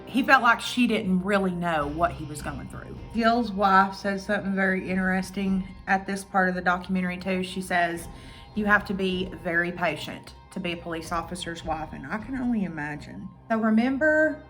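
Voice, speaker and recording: A woman's voice: lowish voice, moderate pace, faint music behind. A woman vlogger casually retelling a true-crime documentary, acting out quotes and swearing freely. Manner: chatty, animated retelling with acted-out quotes and swearing.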